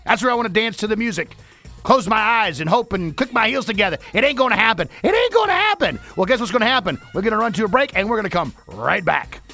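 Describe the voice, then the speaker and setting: A man's voice: sits high, expressive, quick pace, vocal fry, sharp tone, soft background music. A man hosting a radio talk show, ranting emphatically with rhetorical questions.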